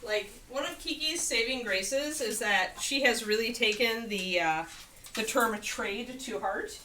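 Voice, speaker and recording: A woman's voice: measured pace, bright, forceful tone, slight background noise. A woman hosting a casual miniature painting livestream, chatting freely with viewers and breaking off to talk to her dog. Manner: chatty, talks to her dog in a high sing-song voice.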